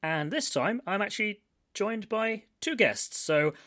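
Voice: mid-range voice, animated, unhurried, a bit bright. A British podcast host in a casual chat who is self-mocking and laughs often, speaking with guests on a remote call.

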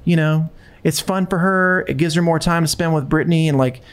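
A man's voice: fairly high pitch, a little fast, clear, resonant tone. A man hosting a podcast, chatting casually and rambling with restarts. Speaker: podcast host. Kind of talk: casual chat.

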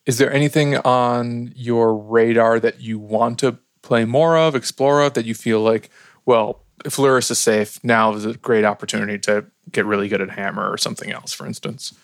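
A man's voice: medium pitch, steady tone, normal speed, no room sound, clean studio sound. A man co-hosting a casual podcast, speaking in an enthusiastic, playful way. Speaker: podcast co-host.

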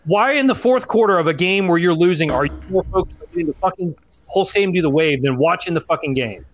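A man rattles off a story at speed, his voice sitting a little high. He swears constantly and turns animated and loud whenever he acts out what someone said. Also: fast, slight background noise. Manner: animated, profane, acts out quotes in raised voice. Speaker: podcast co-host. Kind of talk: casual chat, storytelling rant.

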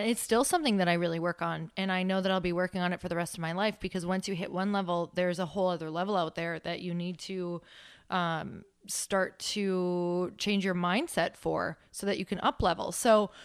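A woman's voice: on the low side, clear, resonant tone, no room sound, clean studio sound. A woman in her thirties, a guest on a podcast, talking openly and reflectively and laughing easily. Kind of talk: podcast interview.

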